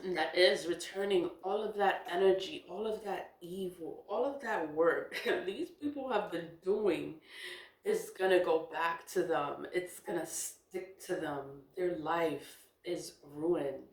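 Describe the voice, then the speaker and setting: A woman in her forties in a casual spoken monologue, emphatic and animated, laughing often and swearing. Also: on the low side, slow, echoey room. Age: 40s. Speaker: spiritual content creator.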